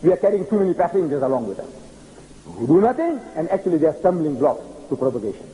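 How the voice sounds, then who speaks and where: Older man, public preacher, lively swooping delivery, dark mellow tone, fairly high voice. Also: quick pace, poor audio. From South Africa. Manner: animated storytelling, acting out dialogue. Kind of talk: public religious lecture.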